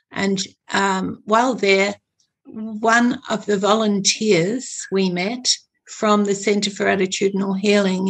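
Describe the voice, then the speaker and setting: A woman guest on a podcast, telling her story in a hesitant way with many pauses and fillers. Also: medium pitch. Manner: hesitant, searching for words. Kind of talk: interview storytelling.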